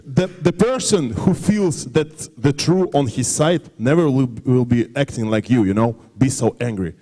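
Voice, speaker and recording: Mellow-voiced man pushing back calmly. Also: mid-range voice. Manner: calm but insistent, halting non-native phrasing. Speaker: rival's team member at a press conference. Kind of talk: defensive back-and-forth. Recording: reverberant hall.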